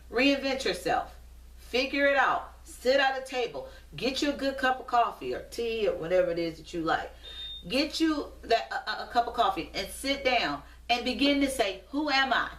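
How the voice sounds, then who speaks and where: A woman's voice: mid-range voice, fairly bright tone. A woman hosting a motivational show, giving a preachy, rhythmic pep talk to the viewers. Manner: preachy, repetitive, rhythmic exhortation. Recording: roomy echo, distant from mic.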